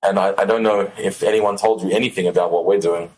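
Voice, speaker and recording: Aussie podcast host guy, bit low voice, chatty, laughs easily. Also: steady tone, fast, low-quality recording. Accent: Australian. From Australia, also New Zealand and Los Angeles. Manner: laughs often, warm banter. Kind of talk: casual interview chat.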